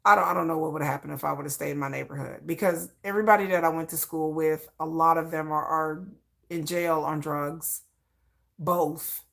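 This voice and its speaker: Gravelly low-voiced middle-aged woman. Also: steady tone, a little fast. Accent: Texan-tinged. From Michigan. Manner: frank, rambling, repeats words and restarts. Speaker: interviewee. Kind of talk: candid personal talk.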